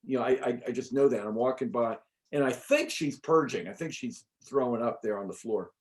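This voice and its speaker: A middle-aged man, an interview guest, telling a personal story in a casual, animated way with many fillers and the odd swear word. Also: mid-range voice, fairly quick. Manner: animated, chatty, frequent fillers and restarts. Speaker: interview guest recounting an experience.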